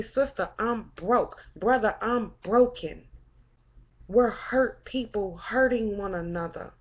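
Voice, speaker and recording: A woman delivers a fervent, preachy monologue straight to camera. She fires off rhetorical questions and swears freely. Her voice sits mid-range for a woman, and the recording sounds dull and lo-fi. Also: medium pitch. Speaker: vlogger.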